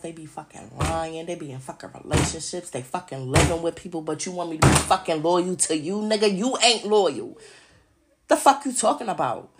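Gravelly low-voiced woman ranting profanely. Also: slight background noise. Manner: profane, heated ranting delivery. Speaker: podcast host. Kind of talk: solo podcast rant.

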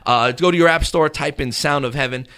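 Animated New pastor hosting radio. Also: male voice, fairly high pitch, fairly quick, clean tone. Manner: animated, conversational, acts out quotes. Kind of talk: radio talk show, preaching chat.

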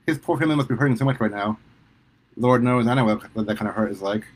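A man voicing a warm, fretful middle-aged mother, affectionate and teary. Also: mid-range voice, fast, lightly acted, poor audio. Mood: tender, sad.

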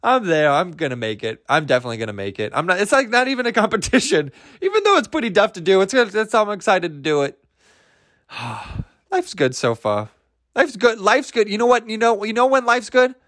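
A man's voice: sits high, huge pitch swings, fairly quick, a bit bright, no echo, studio quality. A young man hosting a solo podcast, rambling in a goofy, self-amused way and laughing at his own jokes. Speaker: podcast host.

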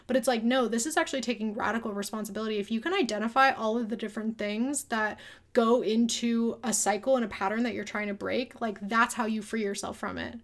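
A woman's voice: on the high side, quick pace. Candid young woman telling her story. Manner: casual, candid, emotional at times. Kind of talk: personal storytelling monologue.

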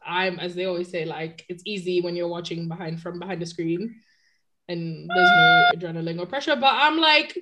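A woman talking casually on a podcast, chatty and animated, laughing easily as she discusses. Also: fairly low pitch, moderate pace, heavy background noise. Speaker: podcast co-host. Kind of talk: casual chat about motor racing.

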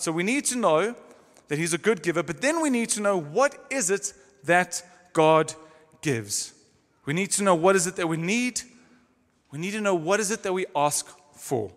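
A man preaching a sermon in a church, stressing words by slowing down and changing his volume. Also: on the high side, fairly bright tone. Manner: emphatic, varies pace and volume for stress. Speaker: pastor. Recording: long hall reverb.

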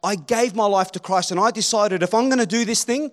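High-voiced preacher. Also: male voice, brisk. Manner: animated, rallying the crowd, swings from loud to hushed. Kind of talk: sermon.

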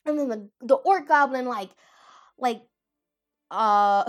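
A woman recounts anime moments in a casual, rambling way, packed with filler words and self-deprecating asides. Her voice is on the high side, slow, and she pauses often.

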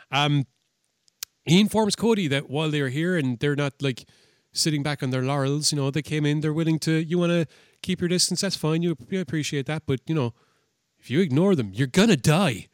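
A man with a slightly raised voice recaps wrestling on a casual show. He is animated and sweary and acts out the lines he quotes. The mic is close and the sound is dry. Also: a little high, brisk, no echo. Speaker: podcast co-host.

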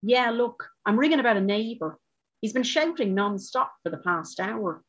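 A woman's voice: a little high, animated, normal speed, dull audio, voice pushed up. A woman voicing a blunt, hot-headed woman. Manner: blunt, sharp-tongued. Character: hot-headed petite young Irish woman.

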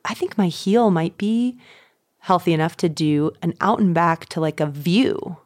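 A woman in her thirties, a podcast guest, telling a personal story in an animated way, laughing often and acting out her own thoughts. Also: on the low side, measured pace, no room sound, clean studio sound. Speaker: podcast guest, runner and coach. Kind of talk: casual storytelling.

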